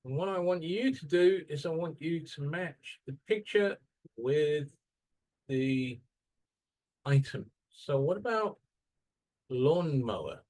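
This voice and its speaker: Lively man teaching a class. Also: fairly high pitch, takes it slowly, long pauses. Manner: lively questioning, drawing out word stress. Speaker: English teacher. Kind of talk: classroom lesson.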